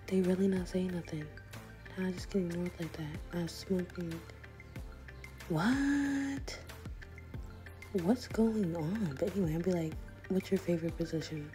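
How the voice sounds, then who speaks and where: A young woman vlogger giving casual, slangy commentary on a chat room, laughing often and sometimes dropping to a whisper. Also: fairly low pitch.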